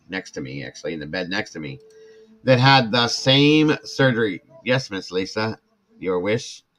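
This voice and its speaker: A somewhat bright, lowish voice belongs to an older man recounting a lengthy personal tale as a podcast host in a relaxed chat. His telling wanders, and he dramatizes what others said to him.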